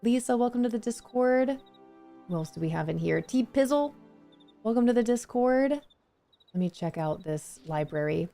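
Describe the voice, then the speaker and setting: Woman streamer, casual gameplay chat, bubbly and chatty, mid-pitched with some vocal fry. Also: expressive, normal speed, mellow, soft background music. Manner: bubbly, easily delighted, chatty.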